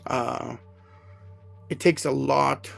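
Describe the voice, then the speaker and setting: Very gravelly-voiced man telling stories. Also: mid-range voice, very slow, dry recording, soft background music. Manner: emotional, animated retelling with many fillers. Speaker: podcast host. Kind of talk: casual live podcast storytelling.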